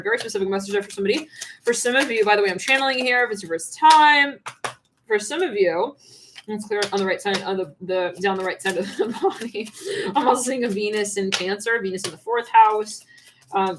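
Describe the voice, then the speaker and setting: A woman's voice: mid-range voice, background noise. A woman giving a channeled tarot reading on a livestream, rambling and laughing often. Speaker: tarot reader.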